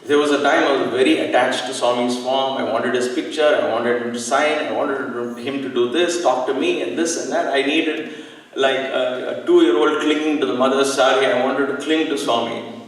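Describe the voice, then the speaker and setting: A man giving a devotional talk, earnest and reflective, telling a personal story with slow pauses. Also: mid-range voice, steady tone. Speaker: satsang speaker. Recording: echoey hall, speaker far from mic.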